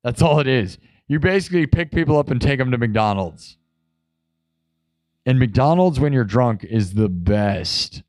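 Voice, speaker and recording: A musician hosting a live stream speaks at a medium pitch and measured pace, with lively intonation and a slightly mellow tone. He rambles and jokes while addressing his chat directly, in a dry, studio-quality recording with no room sound.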